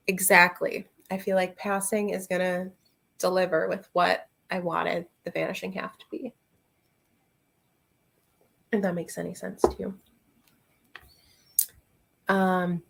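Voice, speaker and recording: Unhurried chatty woman reviewing books. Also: mid-range voice, gravelly, a bit bright. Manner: chatty, laughs often, answers chat. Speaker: book reviewer. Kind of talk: casual livestream book chat.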